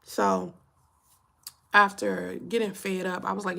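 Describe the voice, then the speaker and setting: A woman's voice: medium pitch, fairly even intonation, moderate pace, creaky, bright, forceful tone. A woman, a channel host telling a personal story in candid casual chat to camera, tired and full of fillers and swearing.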